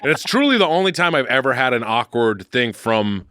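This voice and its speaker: A man's voice: mid-range voice, sing-song, a little fast, pushed and bright, no echo, studio quality. A man co-hosting a podcast in casual chat, loose and rambling, poking fun at himself. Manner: loose, rambling, self-mocking. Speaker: podcast co-host. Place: podcast studio.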